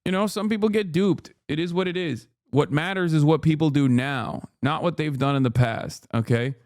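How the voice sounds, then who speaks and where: A man's voice: fairly high pitch, normal speed, darkish tone, no room sound, studio quality. A man ranting on a live stream, profane and heated, mocking others by putting on voices for their quotes. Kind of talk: live stream reaction rant.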